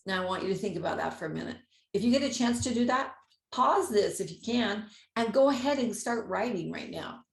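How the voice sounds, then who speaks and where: A woman hosts a podcast and tells a story in a lively, expressive way, acting out each exchange and laughing now and then. Her voice sits at a middling pitch. The room gives the recording a noticeable echo. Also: a little fast, vocal fry. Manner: animated storyteller, acts out dialogue, laughs often. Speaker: podcast host. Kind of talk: storytelling monologue. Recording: roomy echo.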